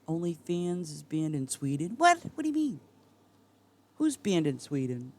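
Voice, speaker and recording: A middle-aged woman streams a game while chatting casually with her viewers, rambling and often dissolving into giggles. Her voice is deep and a little mellow, animated though a little slow.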